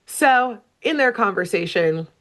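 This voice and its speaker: A woman co-hosting a casual podcast, telling the plot of an episode with lively, playful energy. She slips into quick voices for the characters while she recaps. Her voice sits in a middle pitch. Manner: animated storyteller, acts out character lines. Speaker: podcast co-host recapping a cartoon.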